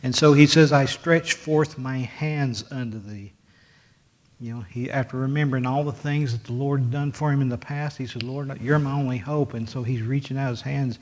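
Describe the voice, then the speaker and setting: A man's voice: mid-range voice, fairly even intonation, normal speed. A man teaching a Sunday school Bible lesson in a church classroom, talking plainly with many fillers and restarts.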